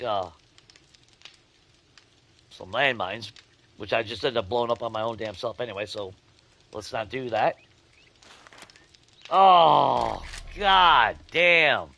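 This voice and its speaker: A young adult man hosting a let's-play, chatting casually to his viewers, swearing freely and swinging between grumbling and giddy excitement. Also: medium pitch. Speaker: gaming channel host.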